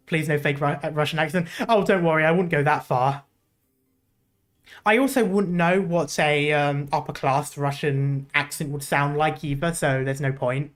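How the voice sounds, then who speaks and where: A streamer chatting casually while playing a story game, jokey and quick to correct themself. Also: medium pitch, faint music behind. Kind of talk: casual gameplay commentary.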